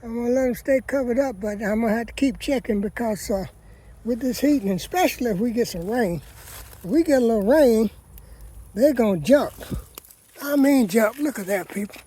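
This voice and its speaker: Folksy husky man in a garden. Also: very high voice, normal speed, dark tone. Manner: folksy, chatty, keeps addressing viewers as "people". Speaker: gardening vlogger. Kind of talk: casual garden walkabout vlog. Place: outdoor vegetable garden.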